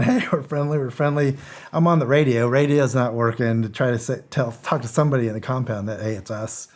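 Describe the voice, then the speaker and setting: A man with a voice of ordinary middle pitch recounts a tense story in a relaxed, conversational way. He is lively and laughs often between phrases, with casual swearing. He sounds like a guest chatting on a podcast. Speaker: guest, former intelligence officer.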